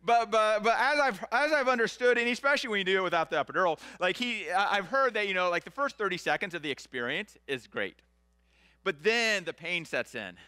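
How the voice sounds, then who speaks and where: A middle-aged man preaches with a bright, ringing voice that sounds crisp and clean. The sound is close and dry, with no room echo. He talks to the congregation in an easy, conversational way, rising to loud animated bursts and dropping to near-hushed quiet. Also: high voice, brisk. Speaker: pastor. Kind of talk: sermon.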